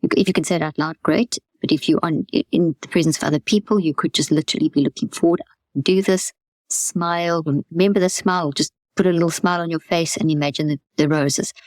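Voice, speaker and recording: A woman's voice: low-pitched, fairly even intonation, quick pace, few pauses, darkish tone, no room sound. A woman hosting a podcast, explaining a mental health method in an earnest coaching way, often repeating and restarting her words. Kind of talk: webinar talk, explaining and coaching.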